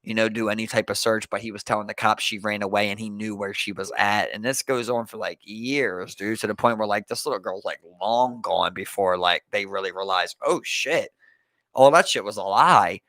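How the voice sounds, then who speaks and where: A man's voice: on the low side, steady tone, a little fast, hardly any pauses, bright, forceful tone, dry recording. A young man with a Baltimore accent, telling a story casually on a podcast, rambling with many fillers and calling his listener "bro.". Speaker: podcast co-host.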